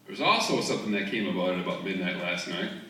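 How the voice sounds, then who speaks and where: A man's voice: low-pitched, sing-song, quick pace, pushed and bright. A man doing a stand-up comedy set on a theater stage, talking in a sarcastic, conversational way. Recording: roomy, distant audience recording.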